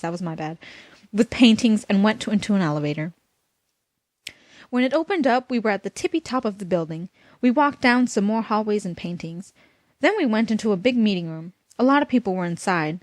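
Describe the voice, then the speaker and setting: A woman's voice: mid-range voice, expressive, fairly quick, no echo. A woman reading a comic fan fiction aloud, mocking it and stopping to comment. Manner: mocking, breaks off to laugh and comment.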